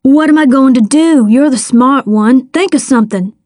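A woman's voice: sits high, moderate pace, darkish tone, no echo, clean studio sound, lightly acted. A woman voicing a frightened, panicky young boy who wails and pleads, read in a storybook. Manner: panicky, wailing.

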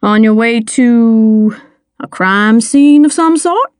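A woman's voice: fairly high pitch, expressive, slow, a little mellow, no echo, studio quality. Figure: a genial small-town male mayor , voiced by a woman. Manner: effusive, welcoming, chatty, raised and lilting. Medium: audiobook. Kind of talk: audiobook character voice.

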